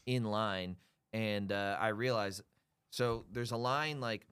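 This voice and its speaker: Man on a podcast, smooth resonant voice, laid-back, casual chat. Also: on the low side, fairly even intonation, takes it slowly, fairly bright tone. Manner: laid-back, talks in loose bits with many filler words. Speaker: podcast guest.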